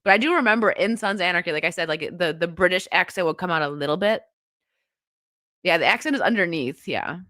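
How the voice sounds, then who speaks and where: A woman's voice: fairly low pitch, lively intonation, fast, fairly bright tone, no room sound, clean studio sound. A woman streamer who is sick, giving casual, rambling live commentary and laughing often. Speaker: streamer host.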